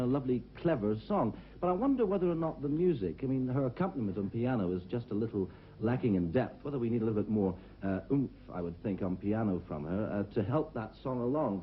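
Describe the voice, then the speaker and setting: A man's voice: medium pitch, dull audio, slight background noise. A man giving a rambling, hesitant critique as a talent show judge, on worn 1970s VHS TV audio. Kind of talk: panel critique.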